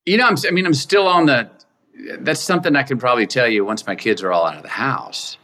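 A man talking as a podcast guest, answering in a reflective, measured way. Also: mid-range voice, pushed and bright. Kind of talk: interview conversation.

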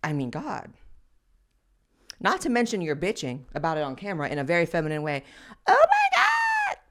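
Sassy, profane woman host, lowish voice. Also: animated, a little fast. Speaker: podcast host. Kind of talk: blunt commentary on social media clips.

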